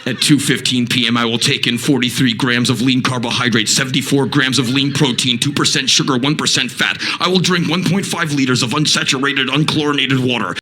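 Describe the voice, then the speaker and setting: A man impersonating a stern, regimented punk frontman who barks out a rigid routine in short, clipped lines. The voice sits bright and tense, with faint noise behind it, a little off the mic. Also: medium pitch, fairly even intonation, a little fast, hardly any pauses, close to an everyday voice. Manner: clipped, drill-like listing of a strict routine. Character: intense, regimented male punk singer, middle-aged.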